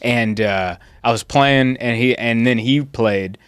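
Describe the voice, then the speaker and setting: A man in his thirties hosting a podcast, telling stories in a casual, animated way. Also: mid-range voice, takes it slowly, clear, resonant tone, no room sound, studio quality. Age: 30s. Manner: animated storyteller, jumps into loud excited voices. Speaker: comedian podcast host. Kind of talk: casual chat.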